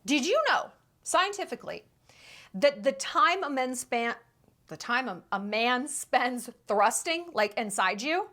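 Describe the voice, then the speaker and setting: Sarcastic commentary woman, high voice, animated delivery, emphatic and incredulous. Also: measured pace. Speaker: commentary YouTuber.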